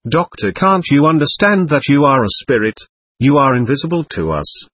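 A calm, firm doctor patiently questioning a spirit, as a male reader voices him. The tone is slightly husky with a lively pitch. The recording is close and dry. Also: moderate pace, dry recording.

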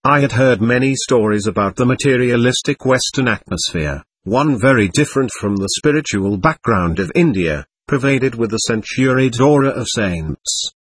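Give me a man with a husky, breathy voice reading a memoir audiobook in an earnest, measured way, recorded dry and close. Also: mid-range voice, animated, dry recording. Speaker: narrator.

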